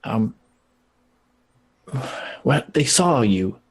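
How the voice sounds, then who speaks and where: A man voicing a nervous, overly polite townsman who talks in halting, hesitant bursts full of ums. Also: medium pitch, very animated, slightly rough, full character voice, poor audio.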